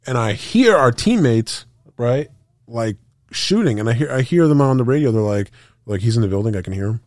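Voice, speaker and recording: A man on a podcast telling a long gaming story, animated and profane, acting out quotes and gunfire sounds. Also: medium pitch, a little fast, no room sound, clean studio sound. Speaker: podcast co-host. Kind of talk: casual storytelling chat.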